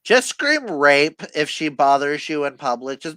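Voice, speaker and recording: A man's voice: a little high, sing-song, a little slow, sharp tone, clean tone, dry recording. A man in his thirties, a guest on a casual live chat, making teasing quips. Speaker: co-host guest.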